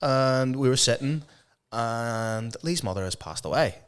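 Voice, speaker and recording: Male co-host, relaxed swearing banter, average pitch. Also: measured pace, smooth. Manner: swearing, easygoing, asks questions. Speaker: podcast co-host. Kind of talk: casual chat.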